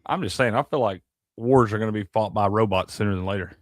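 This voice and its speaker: A man's voice: fairly low pitch, fast talker, no room sound, clean studio sound. A man co-hosting a sports talk show, chatting casually with easygoing, joking reactions. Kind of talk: casual chat.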